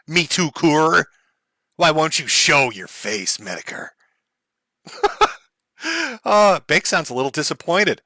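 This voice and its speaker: A man's voice: on the high side, big pitch swings, slow, pauses often, bright, forceful tone, no room sound, studio quality. A man hosting a live stream, commenting on clips in a mocking, profane way and laughing often. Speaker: livestream host.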